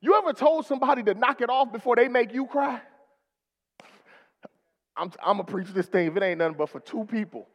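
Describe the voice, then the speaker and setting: A man's voice: extremely high pitch, big pitch swings, moderate pace, in a large hall. A male pastor preaching a rousing sermon in a church, calling for responses from the congregation.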